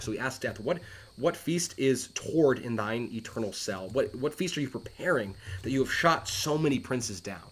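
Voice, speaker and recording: A man's voice: mid-range voice, animated, normal speed, breathy edge. A man teaching a play, reading its lines aloud and paraphrasing them in a conversational way, with frequent fillers and restarts. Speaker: teacher explaining Shakespeare. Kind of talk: casual explanatory lesson reading aloud.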